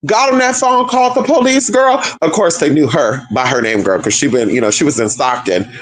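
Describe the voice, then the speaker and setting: A man's voice: a little high, expressive, fairly quick, poor audio. A young man telling a family story to viewers in a casual, profane, sassy way, calling listeners girl and honey. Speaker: spiritual content creator.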